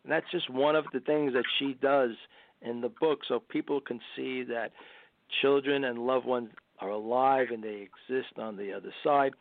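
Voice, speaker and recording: A man's voice: medium pitch, steady tone, normal speed, gravelly, dry recording. A man, an author speaking as a radio guest, earnest and often laughing as he talks. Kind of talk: radio interview. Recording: tinny phone line, dry.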